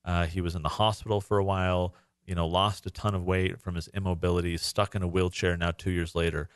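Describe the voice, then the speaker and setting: A man with a low, resonant voice speaks fairly quickly and clearly, with little pitch movement. He's a parent co-hosting a podcast, telling a story casually, earnestly and emotionally, with plenty of fillers. The recording is dry and studio quality.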